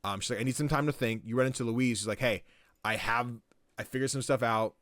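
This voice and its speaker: Male podcast co-host, casual recap, mid-pitched, rambling with fillers, swears, dry close sound. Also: fast, a bit bright, dry recording. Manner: rambling, swears freely, lots of likes and ums. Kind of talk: casual game recap chat.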